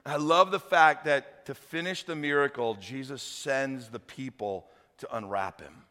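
A man preaching a sermon as pastor, telling the story with acted voices, loud shouted peaks and hushed appeals. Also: medium pitch, unhurried, long reverb tail. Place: church hall.

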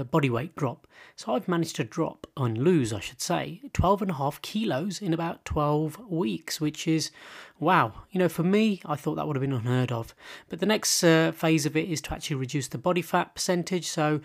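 A man's voice: a little high, vocal fry. A man hosting a podcast. He reads out his guest's introduction and talks in an upbeat way. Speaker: podcast host.

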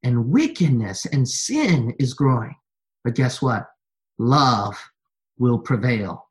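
A man preaching a sermon to his church, repeating refrains and building from quiet, low lines to loud, high-pitched exhortation. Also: big pitch swings, takes it slowly. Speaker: pastor.

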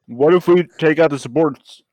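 Man co-host, playful improv, a bit high-voiced. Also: normal speed, no echo, dull audio. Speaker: podcast co-host. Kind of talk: improvised comedy banter.

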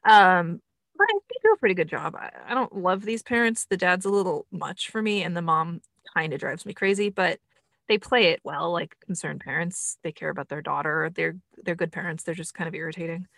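Une femme commente un film de façon décontractée et sarcastique, avec beaucoup d'hésitations. Sa voix est plutôt grave et le son est très sec, sans écho. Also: female voice, on the low side, lively intonation, a little fast, gravelly, fairly bright tone, no room sound. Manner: sarcastic, chatty, many fillers. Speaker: film reviewer. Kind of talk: casual commentary.

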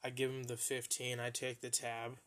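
This young podcast host talks at normal speed in a medium-pitched, monotone voice with a fairly bright tone. His casual storytelling centers on his own embarrassing moments, peppered with swearing and laughter at himself.

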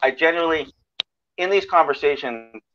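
A man's voice: fairly high pitch, animated, normal speed, a bit bright, muffled recording, slight background noise. A man hosting a podcast in casual interview chat, friendly and rambling with frequent restarts. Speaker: podcast host.

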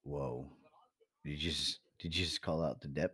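A man's voice: rumbling low, steady tone, moderate pace, a bit bright, husky. A man bantering casually and teasing his friend, laughing often.

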